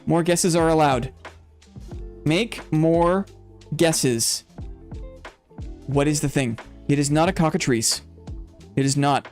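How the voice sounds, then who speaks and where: A man's voice: fairly high pitch, takes it slowly, long pauses, soft background music. A man hosting a live game stream, playfully teasing his chat and calling in-game fights like an announcer. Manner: builds hype like a fight announcer.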